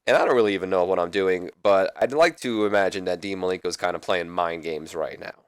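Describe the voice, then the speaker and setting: Low-voiced casual let's play man. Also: brisk, smooth, no room sound, studio quality. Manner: rambling, casual, mildly profane. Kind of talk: casual game commentary.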